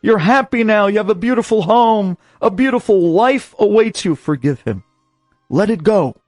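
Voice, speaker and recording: A man's voice: fairly high pitch, expressive, measured pace, a little mellow, breathy edge, no room sound, clean studio sound, soft background music, heavily acted. A man voicing an elderly, revered rabbi who speaks earnestly and pleads. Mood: pleading.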